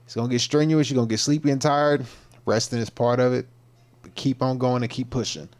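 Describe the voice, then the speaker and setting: A man's voice: mid-range voice, steady tone, fairly quick, a little mellow. A man hosting a casual livestream, joking in loose slang about gym clips, then giving a pep talk. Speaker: livestream host and fitness coach.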